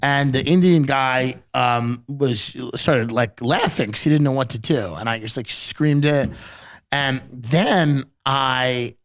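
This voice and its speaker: A man's voice: mid-range voice, takes it slowly. Rambling, profane male podcast host. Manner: rambling, profane comic storytelling. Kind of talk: casual podcast chat.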